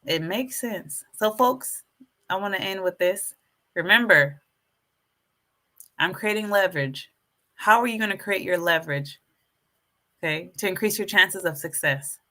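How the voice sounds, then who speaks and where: A woman's voice: mid-range voice, a little slow, pauses often. A woman hosting a casual live stream, addressing her viewers as folks and getting more and more fired up as she preaches. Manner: animated, preachy, hypes herself up. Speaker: YouTube live stream host.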